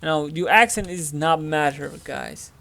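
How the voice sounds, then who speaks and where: A man's voice: a little high, unhurried, vocal fry, sharp tone. A man from Turkey speaking English with a Turkish accent, giving rambling casual commentary over his gameplay, full of fillers. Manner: rambling, filler-heavy, chatty. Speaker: gaming channel host.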